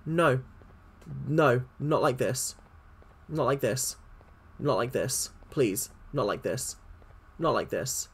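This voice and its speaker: A horror game player on a let's play channel gives unhurried commentary at a slow, drawn-out pace. The player is jumpy and swears a lot, repeating the same exclamations when frightened. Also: medium pitch, lively intonation, breathy edge.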